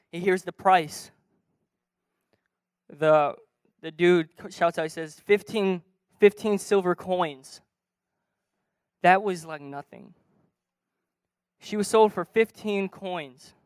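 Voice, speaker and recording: A man preaching a sermon from a church stage, retelling a story and acting out its dialogue, moving between soft and loud. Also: sits high, slow pace, long pauses, clear, resonant tone, no room sound.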